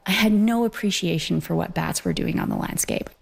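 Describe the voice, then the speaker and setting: A woman's voice: fairly low pitch, fairly quick, vocal fry, husky. A Canadian woman rancher talking earnestly about the wildlife on her land, recorded outdoors on her ranch. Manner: earnest, heartfelt. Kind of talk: casual interview.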